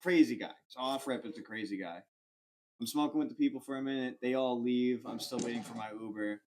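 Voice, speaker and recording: A man's voice: medium pitch, a little fast, slight background noise. Rambling young man telling a story. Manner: rambling, animated anecdote with lots of fillers and swearing. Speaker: podcast host. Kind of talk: casual storytelling.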